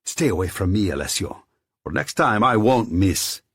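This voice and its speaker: A man's voice: sits low, big pitch swings, normal speed, gravelly, slightly rough, no room sound, clean studio sound, pitched above the performer's own voice, full character voice. A man voicing a hotheaded young mafia heir who snarls and curses in Italian, in an audiobook. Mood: snarling.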